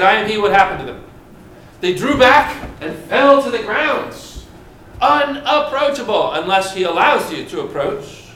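In an echoey room with faint ambience and slight background noise, a man with a high, fairly bright voice delivers a sermon. He questions the congregation and builds up with dramatic emphasis.

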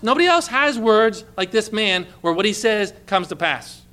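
Preacher, male, high and bright, emphatic scripture-reading delivery. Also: a little fast, smooth. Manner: emphatic preaching, reads scripture aloud with rising intensity. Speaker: pastor. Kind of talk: sermon.

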